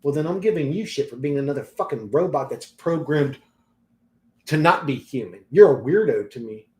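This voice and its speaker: A man's voice: fairly high pitch, animated, normal speed, darkish tone. Profane ranting man in echoey room. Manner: blunt, profane, laughs often. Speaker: channel host. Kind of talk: casual vlog rant.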